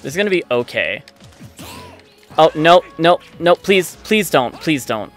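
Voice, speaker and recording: Slow-talking excitable gamer guy. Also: on the high side. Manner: excitable, swears a lot, frustrated outbursts. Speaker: let's play gamer. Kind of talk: live gameplay commentary. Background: faint game music.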